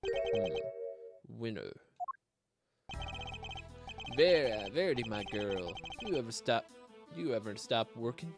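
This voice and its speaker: A man voicing a sentimental elderly former chief prosecutor, talking lower and slower in a grandfatherly way, with game music behind. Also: very animated. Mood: fond. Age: older.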